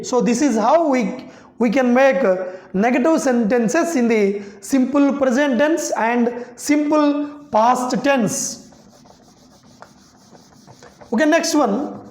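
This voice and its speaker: A grammar teacher, a woman, spells out example sentences word by word and keeps saying "okay" as she repeats herself. Her voice sits high and moves at an unhurried pace. The sound carries the echo of a bare room. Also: a little mellow. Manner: slow and repetitive, dictating sentences word by word, frequent "okay". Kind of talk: classroom grammar explanation. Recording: echoey room.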